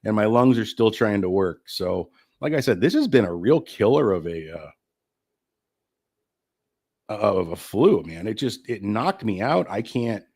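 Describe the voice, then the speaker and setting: A man's voice: on the low side, sing-song, measured pace, a little mellow, slightly rough. A middle-aged man getting over the flu and short of breath, hosting his own live-streamed talk show in a candid, rambling way and swearing freely.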